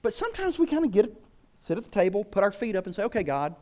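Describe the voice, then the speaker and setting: A man's voice: high-pitched, quick pace. A man preaching a sermon as a pastor, telling stories with lots of rhetorical questions. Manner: animated storytelling with rhetorical questions.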